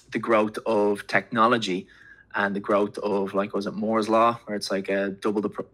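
Bright-voiced rambling man. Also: on the low side. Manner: rambling, filler-heavy, swears casually. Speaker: podcast guest. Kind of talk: casual chat.

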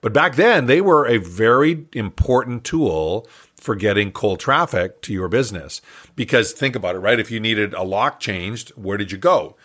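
An older man, an entrepreneur guest in an interview, telling a story in a lively, animated way with frequent laughs. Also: lowish voice, normal speed.

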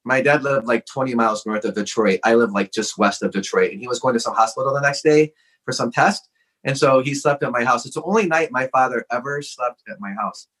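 A man's voice: medium pitch, fairly bright tone, low-quality recording. A man as a podcast guest, telling a personal story in a frank, earnest way with lots of casual "like" fillers.

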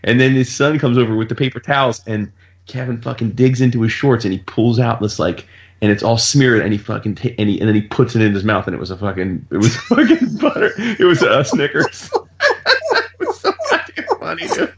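Animated, swearing storyteller man. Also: mid-range voice, brisk, muffled recording, slight background noise. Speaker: podcast co-host. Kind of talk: casual comedic storytelling.

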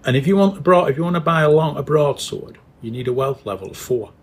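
Gravelly northern English man, musing. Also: on the high side, animated. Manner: musing, chuckling, halting restarts. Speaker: podcast co-host. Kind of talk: casual chat.

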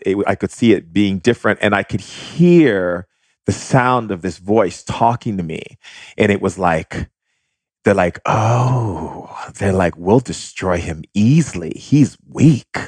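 Low-voiced man telling a story. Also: dry recording, studio quality. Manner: earnest, animated retelling, acts out voices. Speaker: guest. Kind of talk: casual storytelling.

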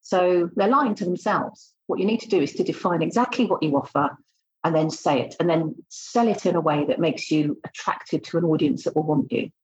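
Blunt woman recruiter, lowish voice, dull lo-fi recording. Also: brisk. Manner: blunt, emphatic, acts out exchanges. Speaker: recruitment consultant. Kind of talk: casual interview talk.

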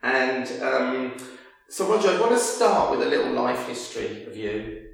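A man's voice: mid-range voice, very animated, vocal fry, breathy edge. A man in his forties with a Birmingham accent, hosting a podcast interview in a chatty, easygoing way with plenty of laughs. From Birmingham, England. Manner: chatty, laughs easily, drawn-out fillers. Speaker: podcast host. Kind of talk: casual interview.

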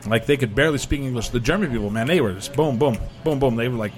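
A man's voice: mid-range voice, fast, faint music behind. A middle-aged American man in casual chat, telling rambling travel stories and acting out quotes. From United States. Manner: rambling storyteller, many "like" fillers, acts out quotes.

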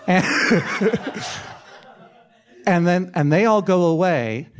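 A man's voice: high-pitched, expressive, very slow. A middle-aged man telling a comic anecdote on a podcast, self-mocking and laughing through it. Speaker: podcast guest telling a story.

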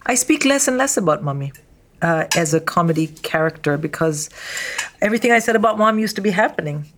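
A woman comedian from India, talking candidly over lunch in an interview, blunt and animated as she tells stories with quick asides. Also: lowish voice, slight background noise. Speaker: stand-up comedian, guest. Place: at a restaurant table over lunch.

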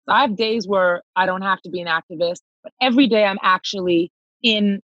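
Animated woman reliving a story, acts out the voices, bit husky, dull dry sound. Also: medium pitch, brisk, no room sound. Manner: emphatic, reenacts dialogue, calls listener girl. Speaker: touring singer.

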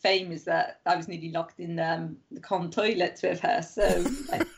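A woman's voice: on the low side, fairly even intonation, moderate pace, vocal fry, background noise. A woman telling rambling anecdotes as a podcast guest, full of "like" and acted-out quoted voices. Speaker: guest author. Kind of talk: casual chat. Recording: muffled lo-fi sound.

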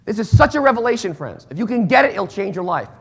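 A man preaches a sermon with great animation. His voice sits high and leaps around, and it has a gravelly, husky texture. He drops into hushed asides and then rises into loud, emphatic bursts. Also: very animated, quick pace. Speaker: pastor.

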